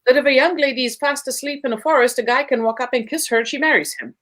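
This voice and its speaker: This relationships guest on a podcast talks quickly, her somewhat high voice fairly bright in tone. She lays out how relationships work with teacherly emphasis, stringing words into lists to reinforce every point.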